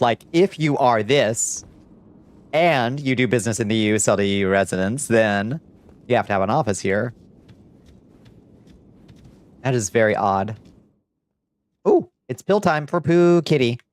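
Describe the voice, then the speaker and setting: A man's voice: medium pitch, moderate pace, pauses often. A man chatting casually on a live stream, swearing freely and cooing at his cat between remarks.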